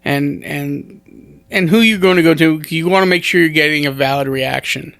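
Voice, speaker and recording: A man's voice: a little high, normal speed, creaky, a bit bright, no room sound. A man who is a stand-up comedian talking casually on a podcast in a rambling, self-deprecating way, with many restarts.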